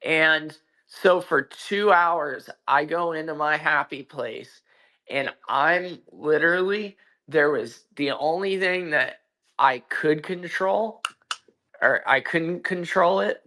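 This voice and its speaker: A man's voice: fairly high pitch, slow pace, pushed and bright. A man telling a personal story in casual chat on an audio call, profane and emphatic, with frequent restarts. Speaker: guest. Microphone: own mic on a social audio call.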